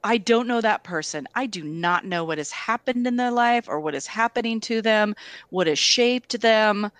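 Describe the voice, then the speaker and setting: A woman talking casually, telling stories in a candid, animated way with lots of fillers. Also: mid-range voice, moderate pace, dry recording. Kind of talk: casual conversation.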